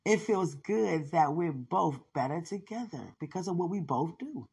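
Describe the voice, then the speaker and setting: A woman's voice: on the low side, expressive, moderate pace, dark tone, breathy edge. A woman hosting a spiritual podcast, talking fervently to her listener and breaking into frequent laughter and exclamations. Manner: laughs often, exclaims and testifies with rising fervor. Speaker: podcast host.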